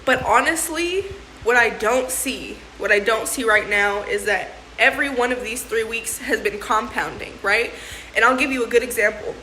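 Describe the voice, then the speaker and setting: A woman's voice: a little high, moderate pace, sharp tone, a little hiss or hum. Emotional, slangy young woman vlogger. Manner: emotional, laughing through tears; slangy, says "bro" and "sis". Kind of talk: casual vlog chat. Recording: echoey room with faint ambience.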